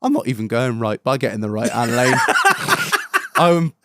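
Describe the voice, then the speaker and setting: A young British man, a podcast host, telling a story in casual chat, animated, swearing and laughing as he goes. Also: mid-range voice, a little slow, heavy background noise.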